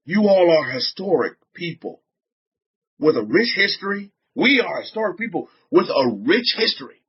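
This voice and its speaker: Addressing a group in an informal religious talk, a Southern US man keeps asking rhetorical questions, repeats himself, and restarts a lot. His voice is high-pitched, husky, and very animated, at a normal speed. The audio sounds dull.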